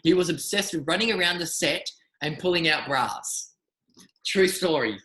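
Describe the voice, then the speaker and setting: Bright-voiced man telling stories. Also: a little high, moderate pace, echoey room, rough recording. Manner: animated, rambling anecdotes with restarts. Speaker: magician guest. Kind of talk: casual interview storytelling.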